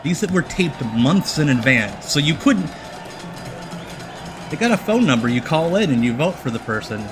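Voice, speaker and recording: Sarcastic stream host, lively pitch. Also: male voice, normal speed, over music. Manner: sarcastic, joking asides. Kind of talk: live reaction commentary.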